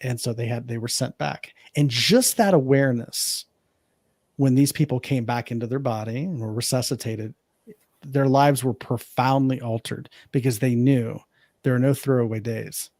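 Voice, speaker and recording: A man's voice: mid-range voice, moderate pace, a little mellow, no echo, clean studio sound. A man being interviewed as a guest, telling a personal story in an earnest, reflective way. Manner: earnest, reflective, acts out remembered dialogue. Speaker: podcast guest, life coach.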